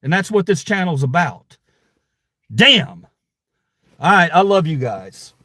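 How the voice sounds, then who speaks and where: A man's voice: on the high side, sing-song, slow, pushed and bright, dry recording, studio quality. A man hosting his own channel, ranting angrily at online critics in a heated, profane, confrontational way. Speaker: channel host. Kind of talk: angry livestream rant.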